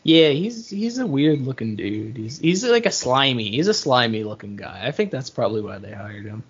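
A man co-hosting a podcast, casually recapping a movie and acting out its lines in an animated way. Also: medium pitch, normal speed, slightly rough. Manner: animated, retells scenes with quoted lines and laughs. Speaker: podcast co-host. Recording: muffled lo-fi audio.

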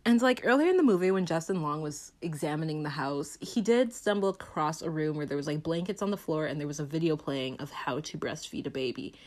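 Young woman, fairly low voice, chatty and dramatic movie recap, laughs a lot. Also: expressive, brisk, hardly any pauses, a little mellow.

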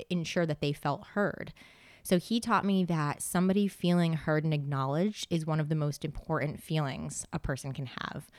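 A woman's voice: low voice, dry recording, clean studio sound. A chatty woman speaking casually in a podcast conversation, telling stories with quoted asides. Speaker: podcast guest.

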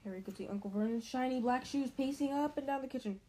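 A woman's voice: high-pitched, fast, hardly any pauses, mellow, rough recording. A woman reading a novel aloud in a casual way, tripping over words and restarting now and then. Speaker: reader.

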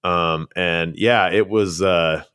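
A man's voice: deep voice, steady tone, slow, fairly bright tone, clean tone, no room sound, studio quality. A man co-hosting a podcast, chatting casually and telling rambling anecdotes. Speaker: podcast co-host. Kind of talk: casual chat.

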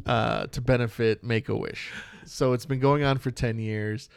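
Co-hosting a laid-back podcast, a man in his thirties from Michigan spins stories cynically and swears a lot. He speaks unhurriedly at a medium pitch, creaky yet smooth, in clean studio sound with no echo.

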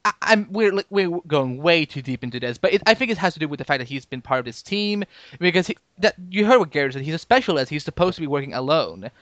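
A man co-hosting a podcast in casual chat, talking excitably with many restarts and jumping up in pitch when he disagrees. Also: fast, dry recording, lo-fi sound. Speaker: podcast co-host.

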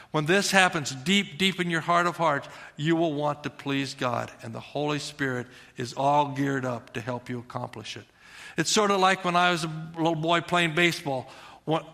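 A man's voice: on the high side, pushed and bright, big-room sound. A middle-aged male pastor preaching a sermon in an earnest, conversational way, repeating his phrases for emphasis.

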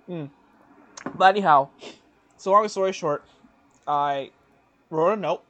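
With a slightly high, fairly bright voice, this twenty-something podcast co-host speaks at a measured pace with long pauses. He's telling a story on a casual podcast, rambling with fillers and self-corrections and laughing frequently.

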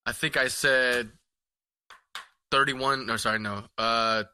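A man co-hosting a sports podcast, talking in a measured way and hedging with fillers as he weighs his picks. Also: medium pitch, fairly even intonation, bright, forceful tone, slight background noise. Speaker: podcast co-host. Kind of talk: casual sports chat.

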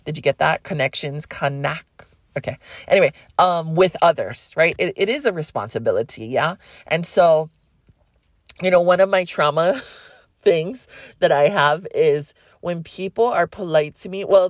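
The podcast host, a woman with a light Hawaiian accent, talks about astrology casually and frankly, rambling, laughing often and cursing freely. Her voice is lowish, and the recording is dry and studio quality.

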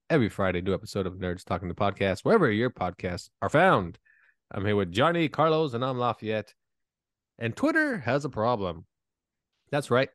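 A man's voice: fairly low pitch, no echo, studio quality. A man hosting a podcast in casual chat, teasing his co-hosts, laughing often and swearing freely. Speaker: podcast host.

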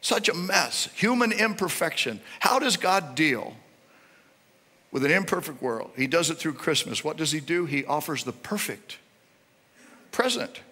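Male pastor preaching, high bright lively voice, big echoey hall. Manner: animated preaching, rising and falling emphasis. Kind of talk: sermon. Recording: reverberant hall.

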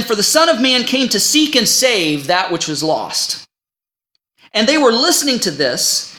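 Guy preaching a sermon, bright voice, folksy and chatty with the congregation. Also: high-pitched. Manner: animated, folksy, checks in with the congregation. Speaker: pastor.

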